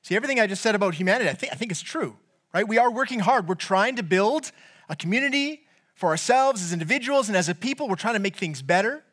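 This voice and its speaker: High-voiced man preaching a chatty sermon. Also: lively intonation, fast. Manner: conversational storytelling with frequent restarts, rising loud when quoting.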